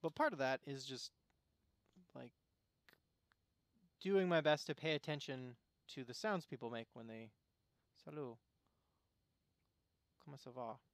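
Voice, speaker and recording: A man from Arizona, chatting casually and musing out loud while playing a game on stream. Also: medium pitch, lively intonation, measured pace, long pauses, smooth, no echo, studio quality. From Arizona, USA. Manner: rambling, musing, self-interrupting. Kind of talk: casual gameplay commentary.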